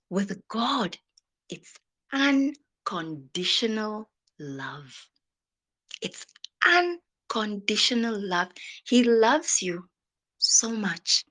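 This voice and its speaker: A woman giving an inspirational sermon, dramatic and often dropping to a soft whisper. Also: on the high side, husky. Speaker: motivational speaker.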